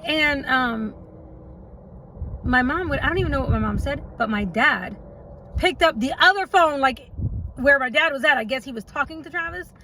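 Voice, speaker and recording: High-voiced woman telling a rambling story. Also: normal speed, sharp tone, slight background noise, rough recording. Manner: chatty and rambling, with frequent laughs and "right?" asides. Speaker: mother telling her story. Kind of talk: casual storytime vlog.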